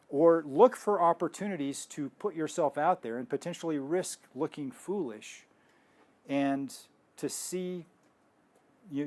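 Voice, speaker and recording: A man's voice: fairly high pitch, darkish tone. Rambling man giving a faith talk. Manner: rambling with restarts, storytelling. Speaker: health ministry teacher.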